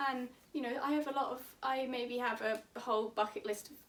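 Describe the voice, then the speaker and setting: A woman vlogger in a chatty, animated infodump who laughs as she talks. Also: a little high, a little fast, distant mic. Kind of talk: enthusiastic casual infodump.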